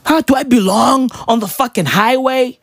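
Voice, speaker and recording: A man voicing his classy wife, who scolds him in an offended tone with rapid questions. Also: very high-pitched, fairly bright tone, dry recording, clean studio sound. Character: indignant classy wife, sharp-tongued.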